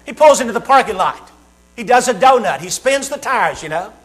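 A man's voice: very high voice, animated, brisk, fairly bright tone. A man preaching a sermon, reading scripture and telling a humorous story with acted-out voices.

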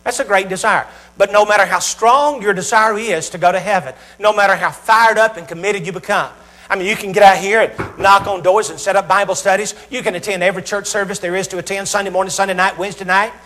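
High-voiced, emphatic middle-aged preacher. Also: male voice, steady tone, fast, sharp tone, rough recording. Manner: emphatic, repetitive preaching that swells in volume; talks straight to the congregation. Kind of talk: sermon.

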